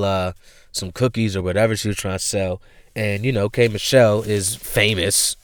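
Young male NY podcast host, profane and animated, clean resonant voice, dry close mic. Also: on the low side, smooth, no room sound. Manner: profane, animated storytelling with frequent laughs. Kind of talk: casual comedic monologue.

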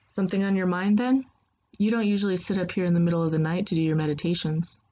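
A woman's voice: fairly low pitch, fairly even intonation, quick pace, warm tone, muffled recording, natural voice. A woman voicing a prickly, sarcastic nonhuman crewmember, raising her voice into snappy retorts. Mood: dry, sardonic.

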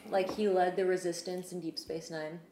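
A woman hosting a casual chat, telling profane, animated stories about meeting celebrities. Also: on the low side, normal speed. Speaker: podcast host. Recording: echoey room, faint noise.

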